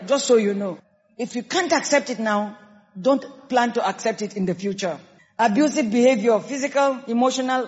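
A woman pastor with a Nigerian accent preaching a sermon, emphatic and lively, acting out quoted people. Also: on the high side. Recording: dull sound with long hall reverb.

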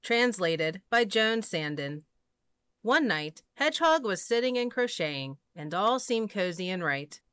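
A woman reading children's picture books aloud with a lively, sing-song pitch that rises and falls. Her voice is bright and crisp, recorded close and dry with no room echo. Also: a little slow. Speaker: storyteller.

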